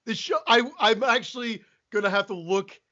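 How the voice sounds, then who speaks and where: A man co-hosting a podcast, teasing the others and laughing loudly. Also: high voice, moderate pace, dull audio. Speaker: podcast co-host. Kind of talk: crude casual banter.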